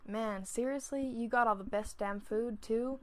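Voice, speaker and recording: A woman's voice: a little high, fairly even intonation, a little slow, a little mellow, lightly acted. A woman voicing a brash, crude muscular young man who loves to fight, in a fanfiction reading. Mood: grumbling. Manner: cocky, swearing, slangy.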